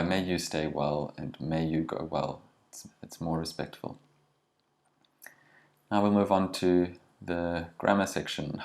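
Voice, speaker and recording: Deep-voiced man teaching a language lesson. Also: gravelly, a little mellow. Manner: patient, slows down to model pronunciation.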